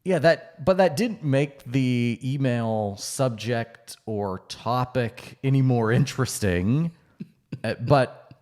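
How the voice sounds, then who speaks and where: A man's voice: medium pitch, a little mellow. A man co-hosting a podcast in a casual, conversational way, with fillers and restarts. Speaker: podcast co-host.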